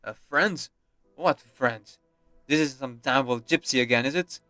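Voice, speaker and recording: A man's voice: medium pitch, moderate pace, bright, forceful tone, no room sound, soft background music, natural voice. A man reading game dialogue aloud, voicing a haughty, contemptuous nobleman father with a stern, scornful delivery.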